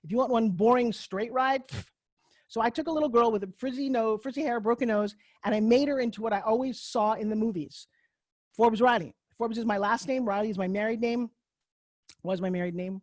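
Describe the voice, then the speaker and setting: A woman's voice: fairly high pitch, a little fast, darkish tone, no echo. A middle-aged woman with a Long Island New York accent, telling her life story on a video call in a brash, candid, self-mocking way and swearing freely. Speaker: speaker giving a talk on a video call. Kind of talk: personal storytelling talk. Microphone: computer mic on a video call.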